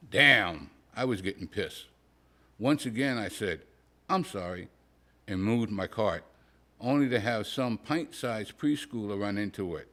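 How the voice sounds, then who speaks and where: Man at a poetry reading, dry deadpan storytelling, wry asides. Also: mid-range voice. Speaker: poet reading his work. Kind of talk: reading a humorous prose story aloud.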